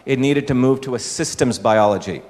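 A man's voice: medium pitch, brisk, a little mellow. Man lecturing in a reverberant hall. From India. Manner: explanatory, with rhetorical questions to the audience. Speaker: speaker addressing an audience. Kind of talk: public talk. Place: large hall with an audience. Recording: echoey hall.

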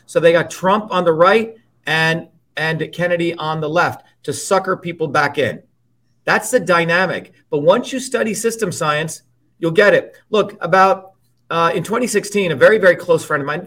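Forceful, profane man speaking slightly high. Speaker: interview guest. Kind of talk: heated political interview.

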